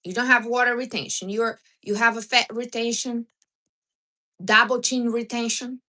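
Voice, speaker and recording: A woman's voice: fairly high pitch, fairly even intonation, normal speed, bright, forceful tone. Blunt, teasing woman hosting a livestream. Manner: blunt, teasing advice with non-native grammar. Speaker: livestream host. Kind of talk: casual livestream chat.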